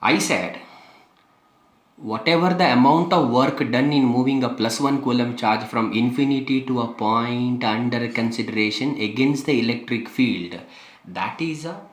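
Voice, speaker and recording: Emphatic physics teacher, echoey. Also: male voice, medium pitch, normal speed. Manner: repetitive, emphatic, asks rhetorical questions. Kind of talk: classroom lecture.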